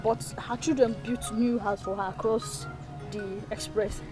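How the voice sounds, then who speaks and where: A woman plays a respectful local who gives directions in a Nigerian English accent. Her voice is fairly high, with music playing clearly behind her. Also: fairly even intonation, unhurried, close to an everyday voice. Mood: helpful. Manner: respectful, helpful. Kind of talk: film drama acting.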